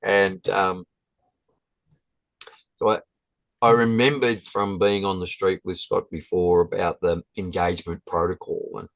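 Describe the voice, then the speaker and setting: A man, a guest telling a story in a halting, casual way with many restarts. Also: sits low, flat delivery, vocal fry, no echo, dull audio.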